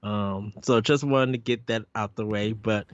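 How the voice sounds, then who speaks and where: A man's voice: lowish voice, fairly even intonation, a little slow, clean tone, dry recording, highs cut off. A man hosting a gaming podcast, upbeat and sing-song with lots of ums, in casual chat. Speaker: podcast host.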